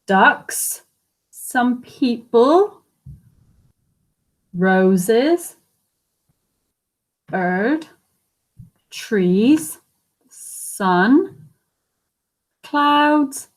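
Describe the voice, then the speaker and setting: A woman teacher reading a picture book aloud to children, animated and asking them questions. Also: mid-range voice. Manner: animated, asks listeners questions. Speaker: primary school teacher.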